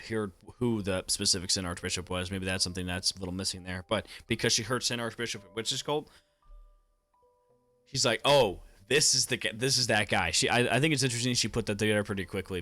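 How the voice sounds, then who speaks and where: Young guy, low voice, loose rambling anime commentary full of ums and swearing, dry close mic. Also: a bit bright, dry recording. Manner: rambling, filler-heavy, swears casually. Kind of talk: casual reaction commentary.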